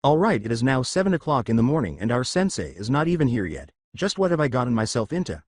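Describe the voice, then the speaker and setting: Man reading bossy girl ninja, snappy, scornful, lively pitch, dry. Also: fast talker, no room sound.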